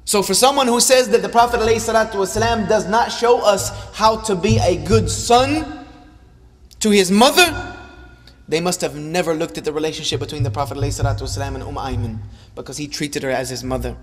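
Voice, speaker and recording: An Islamic preacher gives an impassioned sermon a little fast, his voice rising and falling as he repeats lines for emphasis. It sits a little high for a man. He's in a large hall or mosque, and a long reverb trails every phrase.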